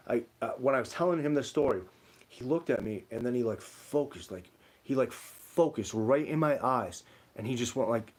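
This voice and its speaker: A man's voice: mid-range voice, darkish tone. A young man co-hosting a livestream, telling rambling stories in casual chat and reading out viewer comments, full of "like" fillers. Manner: rambling storytelling, many "like" fillers. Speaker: livestream co-host.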